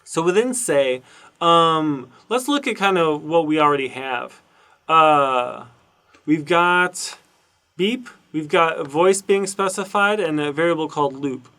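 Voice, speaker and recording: A man lecturing informally over a screen recording, his voice sitting a little high for a man. He thinks out loud as he goes, with plenty of ums, uhs and restarted phrases. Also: measured pace. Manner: thinks aloud with many fillers and restarts. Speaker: university lecturer. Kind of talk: casual recorded lecture walking through documentation.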